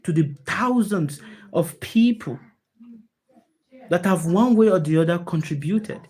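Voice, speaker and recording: A woman with a deep, low voice gives a spiritual talk to a group on a video call. She speaks with emphasis, keeps asking her listeners rhetorical questions and repeats her key phrases to drive them home. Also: expressive, unhurried, mellow, slightly rough. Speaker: spiritual teacher.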